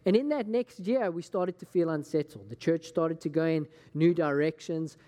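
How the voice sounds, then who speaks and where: A man's voice: a little high, normal speed, mellow. A man with a Scottish accent preaching a sermon as a casual, chatty personal story, acting out conversations along the way. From Scotland. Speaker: pastor. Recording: long hall reverb.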